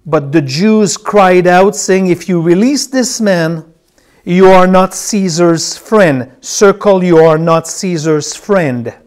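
A man's voice: sits high, slow pace, a little mellow. A man teaching a Bible class, who repeats key phrases and tells his students which words to circle as he reads.

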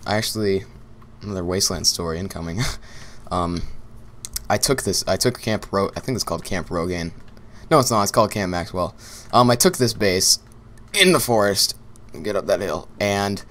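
A man's voice: lowish voice, expressive, normal speed, fairly bright tone. A young man giving casual gameplay commentary, rambling and repeating himself while he plays, often laughing. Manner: rambling and repetitive, talking to himself, with bursts of laughter.

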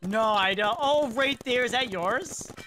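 A man's voice: extremely high pitch, measured pace, background noise. A man chatting wryly while playing an online game with friends. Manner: wry and joking. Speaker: gaming guest. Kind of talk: casual gaming chat.

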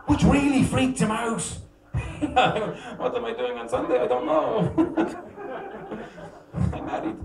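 A young man performing a stand-up comedy set in a bar, telling crude, self-mocking stories with an animated delivery. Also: extremely high pitch, takes it slowly, vocal fry, pauses often, crowd noise. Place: small bar with a live audience. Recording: roomy bar sound, mic from a distance.

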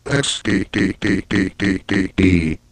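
A man voicing a rude, grumpy cartoon character in a meme parody, in a flat, monotone delivery. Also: deep voice, slow pace, gravelly, a little hiss or hum, heavily acted. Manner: monotone, reads internet slang aloud.

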